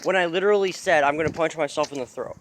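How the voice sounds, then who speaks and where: A man's voice: on the high side, quick pace. A young man vlogging casually while walking outdoors, exclaiming in disbelief and laughing. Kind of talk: casual vlog talk to camera. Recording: windy outdoor noise.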